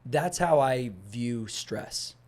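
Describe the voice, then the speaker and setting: A young man talking as a guest on a podcast, animated as he tells stories and acts out conversations, rambling a little with restarts. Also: medium pitch, very slow. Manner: animated storyteller, acts out dialogue; rambling with frequent restarts and fillers. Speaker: guest, fitness instructor.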